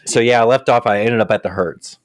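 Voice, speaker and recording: A man's voice: medium pitch, brisk. A young man tells a story in casual podcast chat, swearing often and acting out what each person said. The sound is dry and close, with no room echo. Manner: profane, animated retelling with quoted voices. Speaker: podcast co-host.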